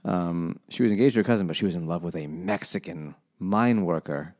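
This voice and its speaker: A man's voice: deep voice, darkish tone. A man co-hosting a casual book podcast, tossing in wisecracks and then recapping the plot. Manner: wisecracking, quick interjections. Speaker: podcast co-host. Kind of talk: casual book-club chat.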